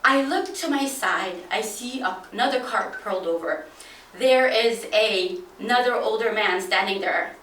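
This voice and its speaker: A woman telling a dramatic first-person story, expressive, acting out each voice. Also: mid-range voice, moderate pace, a little hiss or hum. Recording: echoey room, from a distance.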